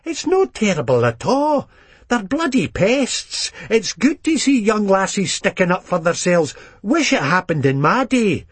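A blunt, outspoken old Scottish woman, as a male storyteller puts her on. She talks higher and with a lively lilt, husky and close, in a dry storybook reading. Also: a little slow, no room sound, exaggerated voice. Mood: forthright. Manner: blunt, forthright.

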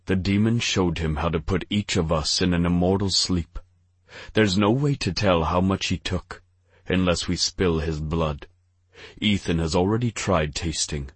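A man narrating an audiobook in the first person with a steady, grave delivery. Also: sits low, slightly rough, no room sound.

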